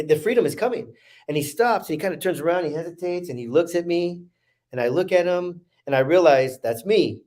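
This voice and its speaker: A man, a podcast guest, earnestly retelling a deeply emotional experience and repeating phrases for emphasis. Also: a little mellow. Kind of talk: emotional storytelling.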